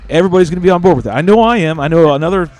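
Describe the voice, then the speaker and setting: A man hosting a podcast, telling stories in an animated, casual way and swearing freely. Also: sits high, racing, soft background music. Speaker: podcast host. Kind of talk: casual chat.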